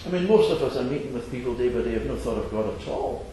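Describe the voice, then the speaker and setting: Earnest preacher in an echoey hall. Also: male voice, medium pitch, expressive, fast talker, dark tone. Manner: earnest, varied, chuckling asides. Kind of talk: sermon. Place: assembly hall. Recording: echoey hall, faint noise.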